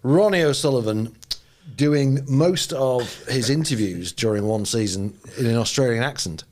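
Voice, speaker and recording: A man's voice: medium pitch, lively intonation, normal speed, a little mellow. A man co-hosting a podcast, casually introducing clips and chatting. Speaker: podcast host. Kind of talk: casual chat.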